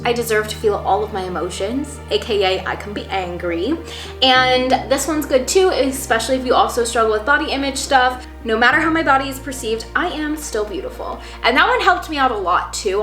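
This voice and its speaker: A woman's voice: on the high side, bright, forceful tone. A young woman talking casually and earnestly to camera about manifesting, with lots of "like" fillers. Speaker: manifestation vlogger. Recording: echoey room.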